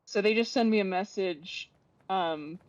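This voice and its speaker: A woman's voice: mid-range voice, a little slow, lo-fi sound. A woman in casual chat on a voice call, teasing friends and telling a funny story. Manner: teasing, laughing, chatty storytelling. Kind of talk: casual chat over a game stream.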